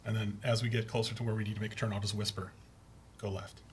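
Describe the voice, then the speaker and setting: A man's voice: lowish voice, level tone, very fast, a little hiss or hum. A man playing a tabletop game, laying out his character's actions step by step. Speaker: player.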